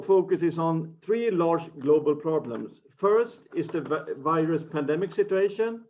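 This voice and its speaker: A man from Sweden giving an earnest business pitch, with slightly broken phrasing and restarts. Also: a little mellow. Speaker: startup founder pitching. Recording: muffled lo-fi video call audio.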